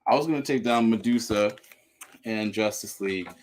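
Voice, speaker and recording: A man's voice: fairly low pitch, normal speed, slight background noise. Joking Southern-accented man hosting a sale. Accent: Southern American. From American South. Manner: joking, chatty, reads out items. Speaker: live sale host. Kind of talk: casual live sales chat.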